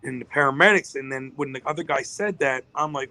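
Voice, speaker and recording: A man's voice: mid-range voice, fairly quick, pushed and bright, dry recording, low-quality recording. A man, a business-owner guest on a podcast, telling a long story in an emotional, rambling way.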